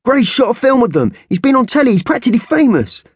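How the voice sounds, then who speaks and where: A man's voice: extremely high pitch, big pitch swings, fast, slightly rough, dry recording, studio quality, pitched above the performer's own voice, exaggerated voice. A man voicing a schoolboy who boasts and snaps defensively. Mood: insistent. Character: eager schoolboy, boastful and snappy.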